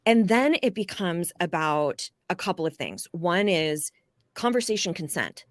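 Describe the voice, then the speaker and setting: A woman life coach explaining ideas in a casual, animated podcast interview, with occasional swearing. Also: lowish voice, normal speed, no room sound, clean studio sound. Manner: animated, explanatory, acts out quoted people.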